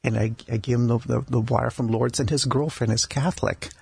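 Husky, gravelly-voiced man telling stories. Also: medium pitch, fairly even intonation, a little mellow, no echo. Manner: halting, with many restarts and repeated words. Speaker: palliative care doctor, guest. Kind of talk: conversational storytelling interview. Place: radio studio.

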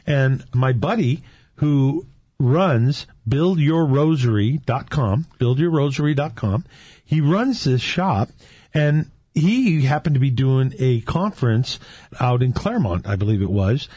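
A man, a Catholic men's ministry leader from California, telling faith stories with lively quoted dialogue in casual chat. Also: medium pitch, unhurried, husky, no echo.

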